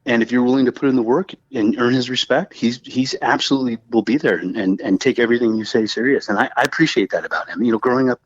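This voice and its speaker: A man's voice: medium pitch, fast talker, hardly any pauses, no echo, lo-fi sound. A man from Southern California with a Southern Californian accent, a guest musician chatting casually in an interview, rambling and laughing often. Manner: rambling, laughs often, acts out quoted voices.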